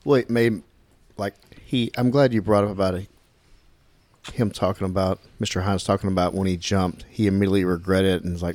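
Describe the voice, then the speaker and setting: A man co-hosting a podcast, asking questions in a halting, reflective way. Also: low-pitched, steady tone, darkish tone, dry recording. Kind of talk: podcast interview.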